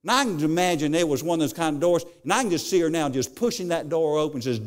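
A man's voice: a little high, quick pace, hardly any pauses. A male preacher giving a sermon, telling stories and often repeating his words as he goes.

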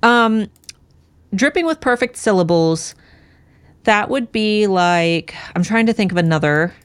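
A woman co-hosts a casual book podcast, rambling through her thoughts with restarts and fillers. Her pitch sits in the middle range. The sound is close and dry, with no room echo. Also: expressive, a little slow, clear, resonant tone. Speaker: podcast co-host. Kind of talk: casual chat.

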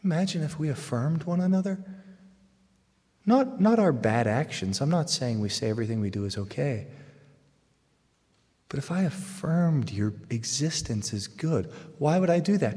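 Male Catholic speaker, mid-pitched, animated and jokey, loud bursts, big hall reverb. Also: moderate pace. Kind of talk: humorous faith talk to a live audience. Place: large hall with audience.

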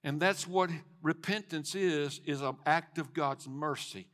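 Middle-aged male pastor, fervent sermon delivery, high voice, echoing sanctuary. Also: measured pace. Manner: passionate preaching, swells to shouting. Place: church sanctuary. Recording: long church hall reverb.

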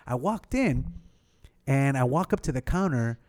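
A middle-aged man telling stories in a casual chat, animated and swearing freely. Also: medium pitch, a little slow. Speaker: podcast co-host.

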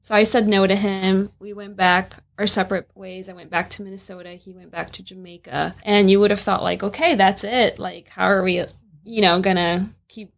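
A woman's voice: medium pitch, steady tone, moderate pace, vocal fry. A woman casually sharing a faith testimony about her marriage in a reflective way, laughing now and then. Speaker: wife telling their story.

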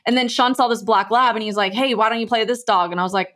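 A woman's voice: on the high side, fast talker, fairly bright tone. A woman, a podcast guest telling a casual story in a chatty way and acting out quoted dialogue.

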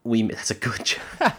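A man's voice: mid-range voice, bright, forceful tone, slightly rough. A man co-hosting a podcast, casually retelling a film in a rambling, jokey, sweary way with lots of ums. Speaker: podcast co-host.

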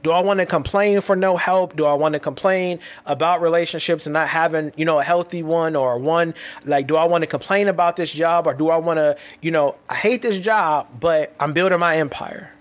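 A man in his thirties hosts a solo podcast, speaking frankly about his own struggles. His voice sits a little higher than most men's. He talks in loose, slangy sentences that often stop and restart. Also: fairly quick, hardly any pauses. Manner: candid, reflective, with frequent restarts and casual slang. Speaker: podcast host. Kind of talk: solo motivational podcast monologue.

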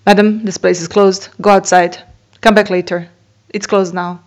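A woman voicing a stern woman who guards a shrine and scolds a visitor with loud, curt commands. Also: mid-range voice, little pitch movement, moderate pace, natural voice. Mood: scolding. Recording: dull lo-fi sound.

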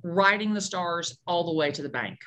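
A woman's voice: on the low side, moderate pace. A woman in her fifties, a real estate agent, chatting in an interview and acting out the people she quotes. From Atlanta, Georgia. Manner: animated storyteller acting out quotes. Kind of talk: casual interview chat.

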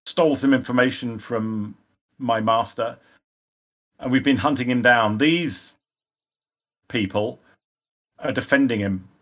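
A man voicing a stern female militia commander who speaks forcefully and demands her due. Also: mid-range voice, highs cut off.

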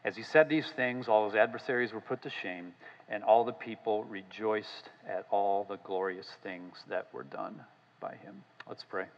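A male pastor preaching a sermon, conversational with many fillers, rising in emphasis on scripture and ending in a quiet, halting prayer. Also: on the low side, gravelly, big-room sound, dull audio.

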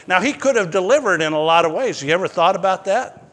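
A man's voice: sits high, lively intonation, quick pace, a bit bright, in a large hall. A male pastor preaching a sermon, mixing personal stories with emphatic, rising declarations.

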